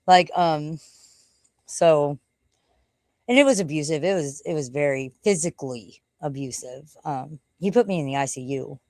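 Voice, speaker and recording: A woman's voice: low voice, animated, moderate pace, darkish tone, no echo. A middle-aged woman chatting casually on a livestream at home, rambling and swearing offhandedly. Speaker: livestream host. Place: at home, walking out to the backyard.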